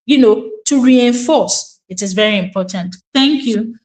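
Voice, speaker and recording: A woman's voice: a little high, unhurried, few pauses, darkish tone. A middle-aged woman, a Montessori educator, giving earnest parenting advice and acting out parent-child exchanges.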